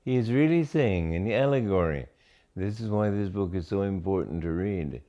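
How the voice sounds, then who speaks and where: An older man, a spiritual teacher, giving a reflective talk on scripture, slow and deliberate with many pauses between phrases. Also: sits low, lively intonation, mellow, highs cut off.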